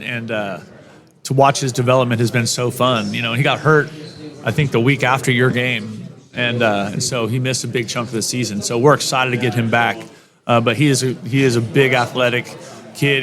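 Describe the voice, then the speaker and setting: Upbeat middle-aged football coach. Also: male voice, mid-range voice. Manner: upbeat, talks in quick bursts with many restarts. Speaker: college football head coach. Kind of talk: radio interview guest.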